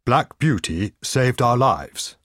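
A man voicing a kindly, authoritative country gentleman in a measured, slightly raised voice. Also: medium pitch, animated, no room sound, clean studio sound, pitched above the performer's own voice.

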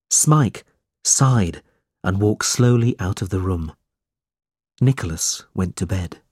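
Slow husky male storyteller. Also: fairly low pitch, animated, darkish tone, dry recording, clean studio sound. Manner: slow, measured. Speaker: narrator. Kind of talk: audiobook reading.

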